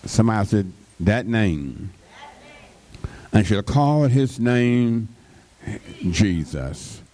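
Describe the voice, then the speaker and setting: A man's voice: lowish voice, animated, drawn-out words, dark tone. A man preaching a sermon, drawing out his words and breaking in with frequent call-and-response interjections to the congregation.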